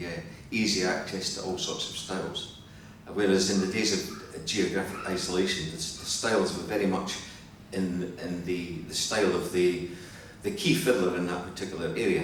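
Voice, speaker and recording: A Scottish man with a very low voice talks through his answers in a reflective, measured way during a live interview. He is picked up from across a hotel function hall. The room rings with heavy echo and a faint hum sits underneath. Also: distant mic. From Scotland. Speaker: interview guest, fiddler.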